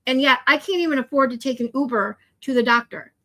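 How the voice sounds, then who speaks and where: On her livestream, a woman chats casually with viewers in a high, slightly bright voice, speaking quickly. She rambles, laughs a lot, and becomes tearful at times.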